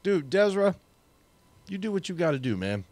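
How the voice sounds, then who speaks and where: A man's voice: high-pitched, sing-song, normal speed, darkish tone, no room sound. Stream host, man, chatty and joking, eats while he talks, dry close sound. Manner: chatty, joking, talking with his mouth full. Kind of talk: casual chat.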